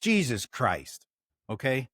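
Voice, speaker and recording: Profane, rambling Chicago sports host. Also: male voice, medium pitch, wildly swooping pitch, takes it slowly, a bit bright, no room sound, clean studio sound. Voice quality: profane, rambling, self-interrupting. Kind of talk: casual sports commentary.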